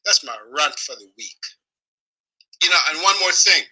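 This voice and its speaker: Man, angry profane rant, very bright and tense tone, somewhat husky, pitched a bit high. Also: animated, normal speed, rough recording. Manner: angry, profane, shouting in bursts. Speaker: video blogger. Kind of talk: weekly rant.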